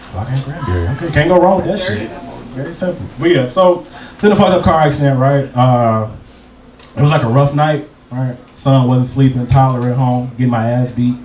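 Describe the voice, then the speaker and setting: Young male stand-up comic, profane storyteller, banters with the crowd, heard from a distance over a loud audience. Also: medium pitch, normal speed. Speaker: stand-up comedian. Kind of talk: stand-up comedy set. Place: comedy club stage. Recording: roomy live club sound from a distance with crowd.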